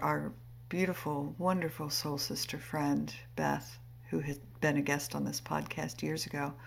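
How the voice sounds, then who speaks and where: A woman podcast host speaking casually and reflectively, with many pauses and fillers. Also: sits low, gravelly. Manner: unhurried, reflective, warm laughter between phrases. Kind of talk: casual spoken intro.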